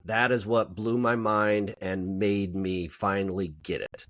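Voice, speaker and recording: A male podcast host draws out his guests' stories with prompts and short affirmations. His voice sits very low. The sound is dry and close. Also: fairly even intonation, a little slow, a bit bright, no echo. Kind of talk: interview hosting.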